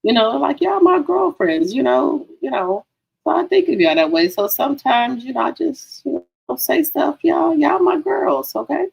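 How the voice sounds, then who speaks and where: A woman's voice: sits high, very animated, normal speed, gravelly, low-quality recording. A woman hosting a casual gossip livestream, chatty and profane, talking to her viewers as girlfriends. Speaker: livestream host.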